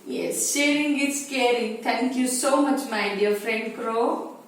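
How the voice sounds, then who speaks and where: A woman's voice: fairly high pitch, slow. A woman teacher voicing a childlike parrot in a children's story, speaking in simple, emphatic lines. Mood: grateful. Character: parrot bird, childlike and at first selfish. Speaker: preschool teacher. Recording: very echoey room, voice far from mic.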